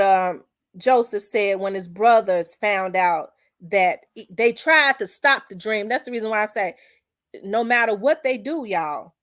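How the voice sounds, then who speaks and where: An emphatic woman speaks to her channel audience in a preaching style. She repeats herself for emphasis and quotes scripture. Her speech is casual and colloquial. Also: medium pitch. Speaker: channel host. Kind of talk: emotional preaching-style monologue.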